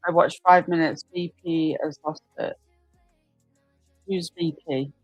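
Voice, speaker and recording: A woman's voice: low-pitched, steady tone, slow, dry recording, lo-fi sound, soft background music. A woman hosting a casual livestream, chatting and reacting aloud to viewer comments at her desk mic. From United Kingdom. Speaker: livestream host.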